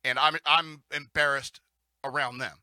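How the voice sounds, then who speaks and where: A man's voice: medium pitch, steady tone, a little slow, bright, forceful tone, dry recording. A man hosting a talk radio show, rambling and chuckling through casual commentary and news reading, with frequent restarts.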